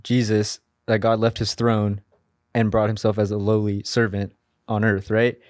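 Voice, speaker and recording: Hesitant guy on a faith podcast, lowish voice, dry close mic. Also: flat delivery, moderate pace, darkish tone, dry recording. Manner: thoughtful, hesitant, searching for words. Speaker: podcast co-host.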